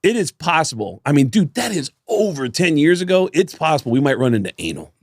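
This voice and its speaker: Animated male podcast storyteller, very lively pitch. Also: fairly quick, dry recording, clean studio sound. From United States. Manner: animated storyteller, laughs often, voice jumps high for quoted lines. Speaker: podcast co-host. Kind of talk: casual storytelling chat.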